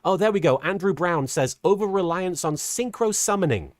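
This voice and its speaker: A middle-aged woman streamer chatting casually while reading super chats, earnest and halting, with a softened feminine voice. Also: on the low side, animated, no room sound, clean studio sound. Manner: earnest, halting with many restarts; voice softened toward a feminine sound. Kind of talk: casual livestream chat.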